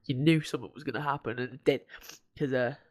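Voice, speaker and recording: A man's voice: medium pitch, steady tone, quick pace. A man co-hosting a podcast, recapping in a rambling way with swearing and laughter. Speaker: podcast co-host. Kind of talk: casual chat.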